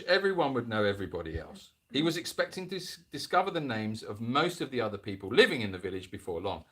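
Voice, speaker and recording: A man reading a spooky story to a livestream audience, pausing again and again to mock it with dry, jokey asides. His voice is husky yet bright, with a lively, swooping pitch. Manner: jokey, interrupts the reading with sarcastic comments.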